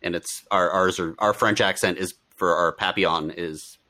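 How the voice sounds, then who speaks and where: A man with a lowish voice and a bright, forceful tone. He rambles through a casual movie-review chat and laughs a lot as he talks. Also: fairly even intonation, normal speed. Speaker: podcast co-host.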